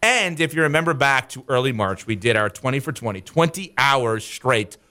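A man's voice: mid-range voice, expressive, normal speed, pushed and bright. A man hosting a sports radio show in a studio, joking and teasing his co-hosts and laughing easily. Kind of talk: casual studio chat.

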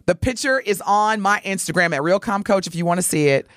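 A woman co-hosting a morning radio show, telling a story in lively chat and acting out the voices of the people in it. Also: mid-range voice, brisk, dry recording, studio quality. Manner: animated, acts out voices while telling a story. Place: radio studio.

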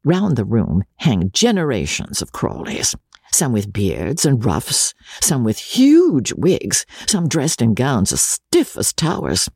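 A reader narrating a first-person story in letters, reading it in a lively, expressive way. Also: medium pitch, measured pace, gravelly, husky, no room sound, clean studio sound. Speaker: audiobook narrator.

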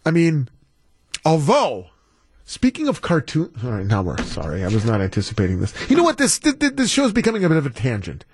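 Animated radio host, lively pitch. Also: male voice, a little fast, husky, no room sound. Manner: animated, rambling, reads listener texts. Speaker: radio talk show host. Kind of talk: casual radio banter.

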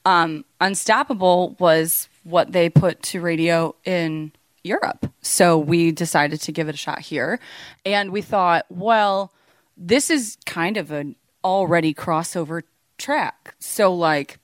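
A woman's voice: fairly low pitch, takes it slowly, no echo. A young woman, a band's singer, chatting in an interview and laughing often as she tells stories. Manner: bubbly, laughs often while telling stories. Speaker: band singer. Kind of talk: casual interview chat.

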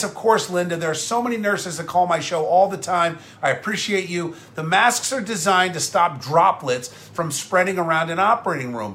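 A combative talk show host from New with a high, bright voice. He rants sarcastically, repeats himself for punch and fires back at viewer comments. His delivery is blunt and restless. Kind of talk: live-streamed talk show rant.

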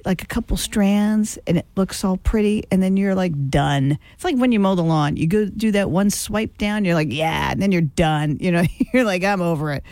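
A woman's voice: medium pitch, normal speed, few pauses, no room sound. A woman co-hosting a morning radio show in a studio, chatting and telling stories with frequent laughs. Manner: chatty, laughs often, animated storytelling. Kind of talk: casual morning radio banter. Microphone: studio microphone.

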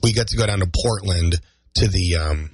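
A man's voice: low voice, moderate pace, breathy edge, no echo, clean studio sound. A man co-hosting a morning radio show, chatting casually and rambling in a self-deprecating way. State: talking oddly while holding his lip up.

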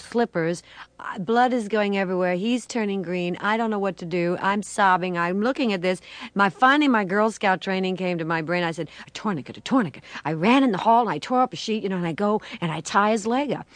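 An older woman, a guest, telling a long story with animated, acted-out voices and laughter. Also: mid-range voice, no echo.

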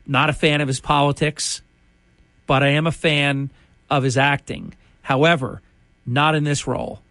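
A man hosting a radio show, talking in a chatty, opinionated way and often restarting his sentences. His voice sits a little high for a man. The sound is close and dry, with no room around it. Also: fairly even intonation, normal speed, vocal fry, fairly bright tone, no echo. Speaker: radio host. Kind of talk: casual on-air monologue.

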